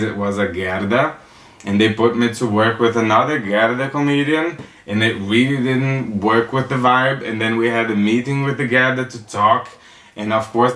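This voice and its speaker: A low-voiced comedian delivers a sassy, campy stand-up monologue, acting out the people in the stories. The voice carries a roomy echo. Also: male voice, a bit bright. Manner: campy, sassy storytelling with acted-out quotes.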